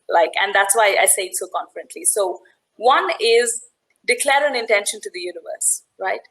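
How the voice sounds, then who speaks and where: A woman's voice: a little high, a bit bright, poor audio. A woman leading a networking workshop, who talks conversationally, tells stories and often checks in with "right?". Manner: briefly acts out the voices of people in her story. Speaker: workshop facilitator. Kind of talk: workshop talk with storytelling.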